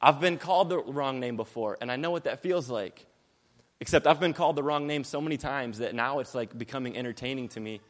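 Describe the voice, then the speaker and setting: A young man preaching a sermon quickly and energetically, mixing in jokes and acted-out quotes. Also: medium pitch, in a large hall.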